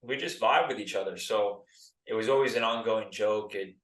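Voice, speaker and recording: An American man in his thirties, a former pro soccer player, appears as a podcast guest telling stories in a laid-back, chatty way packed with filler like "like" and "dude." His voice is fairly low and moves at a normal speed. The recording is roomy, with him set back from a distant mic.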